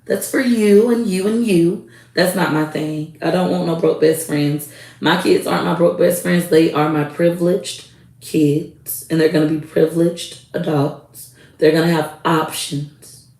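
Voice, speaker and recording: A woman in her thirties holds forth in a blunt, heated, profane rant with a low, gravelly edge to her voice. She sits a little back from the mic in an echoey room. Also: a little mellow, distant mic. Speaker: vlogger. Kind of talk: casual rant to camera.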